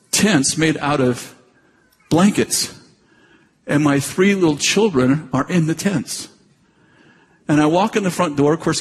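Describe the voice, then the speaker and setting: A man in his sixties preaching, telling a personal story earnestly and haltingly, with many restarts. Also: a little high. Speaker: pastor. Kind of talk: sermon storytelling. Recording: long reverb, faint noise.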